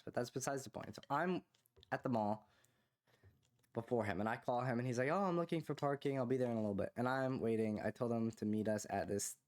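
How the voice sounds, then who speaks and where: A young man co-hosting a podcast, telling a long casual story full of fillers like "like" and "you know", rising in pitch when he quotes other people. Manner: rambling, filler-heavy, animated when quoting others. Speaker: podcast co-host.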